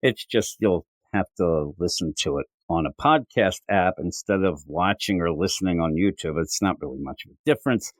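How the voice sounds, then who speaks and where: A man's voice: normal speed, few pauses, no echo. Rambling, self-mocking male podcast host. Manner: rambling, self-mocking, jumps up in pitch for quoted voices. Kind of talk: casual chat.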